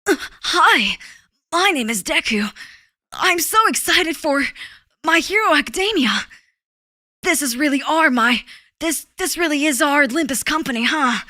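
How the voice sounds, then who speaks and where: A woman voicing an earnest, excitable teenage boy hero in a boyish, pleading voice. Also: sits high, measured pace, dry recording, studio quality, pitched above the performer's own voice, heavily acted. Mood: eager.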